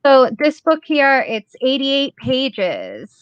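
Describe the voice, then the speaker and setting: A woman's voice: high voice, wildly swooping pitch, takes it slowly, clean tone, muffled recording. A woman host with a Massachusetts accent, chatting enthusiastically in a casual interview and laughing often.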